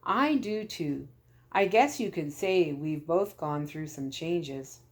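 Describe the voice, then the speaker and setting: A kind fatherly doctor, read by a woman storyteller, gentle and fond with his children. Her voice stays lowish and easy, with no real put-on voice. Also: lively intonation, slow, heavily acted. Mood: tender.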